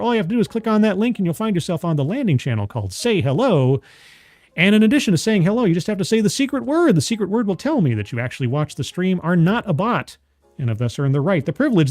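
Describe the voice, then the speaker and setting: A man hosts a casual livestream with a slightly raised, very lively pitch, rambling and making fun of himself as he restarts his sentences. The sound is dry and close. Faint music plays underneath. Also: dry recording. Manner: rambling and self-deprecating, with frequent restarts. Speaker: livestream host. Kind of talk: casual livestream chat reading viewer comments.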